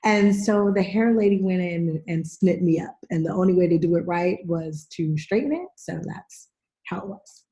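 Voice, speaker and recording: A middle-aged woman hosting a podcast, telling stories in a casual, animated way and acting out what people said. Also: fairly low pitch, normal speed. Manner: animated storyteller, acts out quotes. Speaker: podcast host and actress. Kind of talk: casual chat, storytelling.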